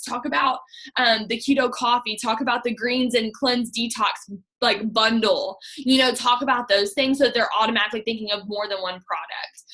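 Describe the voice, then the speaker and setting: A woman's voice: on the high side, sharp tone. A young woman giving casual coaching on sales messaging, chatty and upbeat with lots of "like.". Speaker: direct sales team leader.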